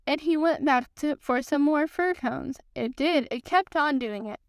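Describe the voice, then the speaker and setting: A woman hosting a podcast, reading a children's storybook aloud in a calm, measured way. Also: sits high, no room sound. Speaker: podcast host, reader.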